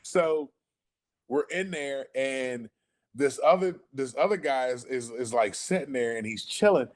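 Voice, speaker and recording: Animated, profane man telling a story. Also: medium pitch, measured pace. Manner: animated, profane, acts out quotes. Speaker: podcast guest. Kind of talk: casual storytelling.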